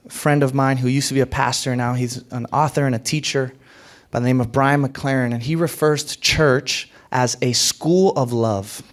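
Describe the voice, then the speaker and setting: A pastor preaching a sermon, emphatic, repeating phrases and rising sharply on key points. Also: male voice, mid-range voice.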